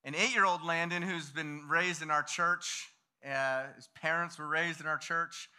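A man in his thirties preaching, telling a story in an animated way and acting out the voices of the people in it. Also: fairly high pitch, unhurried, clean tone. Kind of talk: sermon storytelling.

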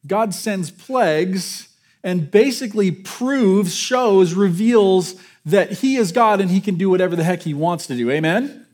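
A man's voice: high-pitched, measured pace, a little mellow. A man preaching a sermon to his congregation in a conversational way, joking with them and restarting his sentences. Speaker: pastor.

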